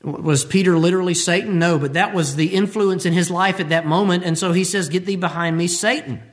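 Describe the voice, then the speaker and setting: A man's voice: high voice, fairly even intonation, brisk. A tired male preacher giving a sermon, who acts out the scripture quotes he tells.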